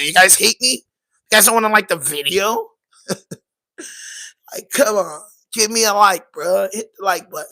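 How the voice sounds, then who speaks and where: A man's voice: high voice, moderate pace, sharp tone, no echo. A man with a Baltimore accent hosting a podcast livestream from his basement, ranting casually, cussing and begging viewers for likes. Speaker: podcast host.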